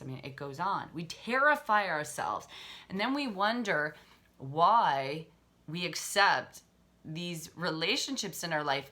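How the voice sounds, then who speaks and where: Bright-voiced woman coaching frankly. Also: medium pitch, animated, a little slow. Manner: candid, swears freely, laughs often, acts out harsh inner voices. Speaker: relationship coach. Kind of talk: casual motivational talk.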